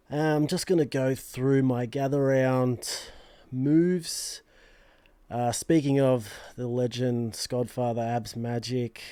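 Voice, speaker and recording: A man's voice: medium pitch, warm tone, no room sound. A young Australian man hosting his own fantasy football channel, rambling in a casual, self-mocking way with lots of restarts. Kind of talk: casual vlog chat.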